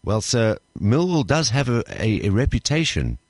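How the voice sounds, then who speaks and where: A man making a prank phone call in a formal, hesitant and politely officious way, with a deadpan delivery. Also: medium pitch, moderate pace, dry recording. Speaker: radio prank caller.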